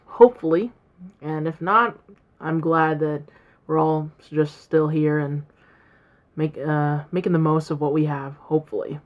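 A woman's voice: low voice, dull audio. A young woman in college hosting her own podcast, talking in a rambling, reflective way with many fillers and restarts. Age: young adult. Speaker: podcast host. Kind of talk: casual solo podcast talk.

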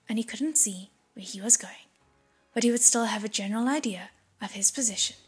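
A woman reads the novel aloud in a breathy, husky near-whisper at a middle pitch. Faint music plays underneath. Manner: breathy, hushed reading. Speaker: audiobook narrator. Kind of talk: audiobook narration.

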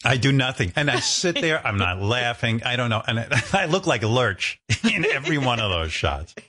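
A male radio host spins a long, exasperated story in loose conversational chat, cursing freely and mocking himself. He sits at a middling pitch but keeps jumping up to voice the people around him. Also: very animated, sharp tone, husky. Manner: profane, exasperated, self-mocking; acts out quoted people with quick pitch jumps.

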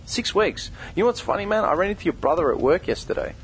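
A man's voice: high-pitched, expressive, rapid-fire, a little hiss or hum, rough recording. A young man who co-hosts a podcast, delivering a heated, confrontational rant full of swearing. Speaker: podcast co-host. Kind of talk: angry direct-address rant.

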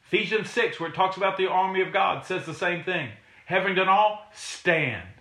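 Preacher, male, bright and forceful, slightly high, repeats phrases for emphasis; echoey sanctuary sound. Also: moderate pace. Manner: emphatic, repetitive, rising to exhortation. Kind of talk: sermon. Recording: echoey room.

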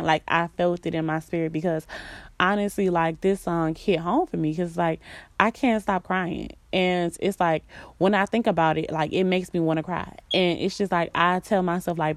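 A woman's voice: on the low side, fairly even intonation, moderate pace, no room sound. A young woman in a casual confessional chat. She talks candidly and rawly, swears freely, and leans on filler words. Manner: sings snatches of songs between talking. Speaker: vlogger.

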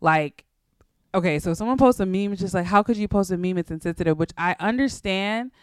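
Animated young woman with a smooth, clear voice. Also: mid-range voice, dry recording, clean studio sound. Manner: animated, exasperated, quick to laugh. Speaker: podcast co-host. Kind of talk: casual chat.

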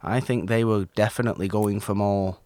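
A man with a lowish voice co-hosts a casual film discussion, talking fairly quickly with no echo. Animated and rambling, he keeps interrupting himself and restarting sentences.

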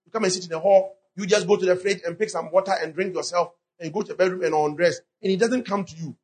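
A man preaching a fervent sermon in short phrases, pausing after each one for an interpreter. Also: high voice, steady tone, darkish tone, husky. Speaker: pastor.

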